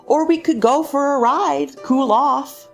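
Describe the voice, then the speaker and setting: A woman voicing a mild middle-aged husband who speaks in a gentle, solicitous way. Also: high-pitched, slow, creaky, soft background music, pitched above the performer's own voice, heavily acted.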